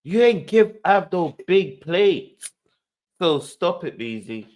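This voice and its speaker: Animated man hosting, lively pitch. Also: slow pace. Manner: playful, repeats phrases, acts out scenes. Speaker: reaction show host. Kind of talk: animated commentary.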